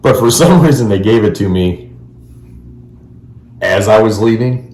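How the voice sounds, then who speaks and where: Low-voiced man co-host, relaxed storyteller who chuckles mid-sentence, roomy echo around him. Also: a little slow. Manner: laid-back, laughs while telling stories. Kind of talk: casual chat.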